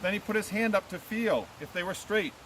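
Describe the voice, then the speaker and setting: A man's voice: sits high, brisk, slight background noise, poor audio. A man, a teacher, reading a picture book aloud to children outdoors and asking them questions as he goes. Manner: animated, asks children questions.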